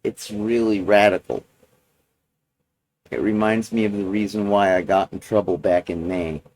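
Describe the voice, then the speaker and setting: A man recording a personal video journal, talking in a halting, rambling way with many restarts and fillers. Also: fairly low pitch, fairly even intonation, a little mellow, a little hiss or hum, low-quality recording.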